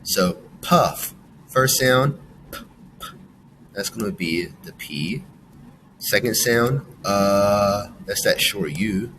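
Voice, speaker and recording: Slow, lively-voiced male phonics teacher. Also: fairly low pitch, noisy background. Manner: slow, sounding out letters and praising. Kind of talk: phonics lesson for children.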